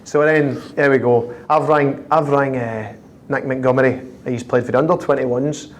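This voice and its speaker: Speaking at a medium pitch over a faint hiss or hum, a Scottish footballer in his thirties tells anecdotes as an interview guest. His Glasgow accent comes through as he chuckles and briskly voices other people's lines. The setting is an office high in a city tower.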